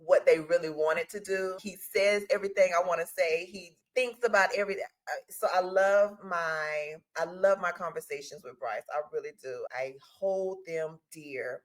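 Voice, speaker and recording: A woman in her forties co-hosts a podcast in a heartfelt, casual way. Her voice sits low, and she laughs often while she opens up about her family. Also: normal speed. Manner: emotional, laughs a lot. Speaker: podcast co-host. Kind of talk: casual chat.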